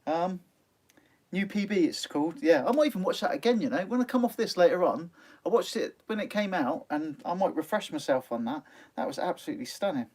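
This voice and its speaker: A man hosting a live fishing stream, chatting casually and reading out viewer comments, laughing often and filling pauses with "um". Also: sits high, animated, darkish tone, slightly rough. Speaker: sea angling channel host. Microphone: phone.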